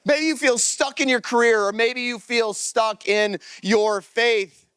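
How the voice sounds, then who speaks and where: A pastor preaching a lively sermon to his congregation, reading scripture aloud and acting out the story. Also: very high-pitched, measured pace, smooth, dry recording. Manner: animated, energetic preaching to a congregation. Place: church service.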